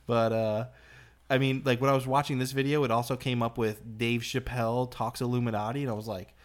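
A man's voice: mid-range voice, a little fast. A man co-hosting a casual podcast, telling stories animatedly and swearing freely. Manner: animated storyteller, swears a lot, mimics people he talks about. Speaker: podcast co-host. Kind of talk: casual chat.

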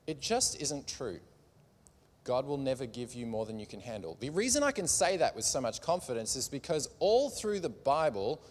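A man's voice: medium pitch, a little mellow. A man preaching casually to a live audience in a large room, joking as he goes, with a slight cough. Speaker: preacher at a church gathering. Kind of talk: sermon with audience participation. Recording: long hall reverb.

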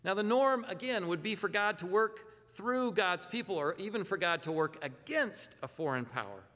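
Conversational pastor preaching in a hall. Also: male voice, high-pitched, lively intonation, normal speed, fairly bright tone. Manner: conversational, self-correcting, asks rhetorical questions. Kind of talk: sermon.

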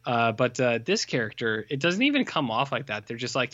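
A man's voice: mid-range voice, lively intonation, a little fast, hardly any pauses, fairly bright tone, dull audio. A man co-hosting a podcast, recapping a film in a rambling, blunt, profane way with lots of fillers. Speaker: podcast co-host. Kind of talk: casual film recap chat.

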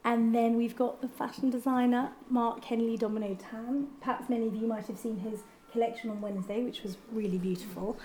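A woman's voice: fairly high pitch, darkish tone. A woman from Britain moderating a live panel talk, hesitant, with many ums and restarts. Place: event venue, live audience. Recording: echoey event hall with faint noise.

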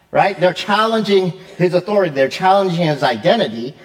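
A male pastor preaching a conversational sermon, lively and quick, with fillers and frequent "right?" check-ins. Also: high voice. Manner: quick, with fillers and self-corrections.

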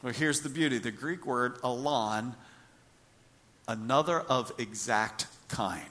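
A man preaching a sermon as pastor, animated, acting out little scenes and repeating words for emphasis. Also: medium pitch, slow. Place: church.

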